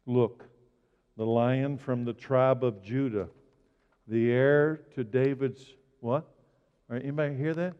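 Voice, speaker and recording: A man preaching a sermon, swinging from loud exclamations to hushed, slow lines. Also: mid-range voice, steady tone, smooth. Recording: dull sound with long hall reverb.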